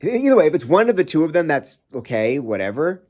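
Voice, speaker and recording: A man's voice: fairly high pitch, big pitch swings, fast talker, a little mellow. Rambling, foul-mouthed man ranting while cooking. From United States. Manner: swears a lot, rambling and exasperated. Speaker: vlogger reviewing a film. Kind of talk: casual rant. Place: home kitchen, cooking. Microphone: phone.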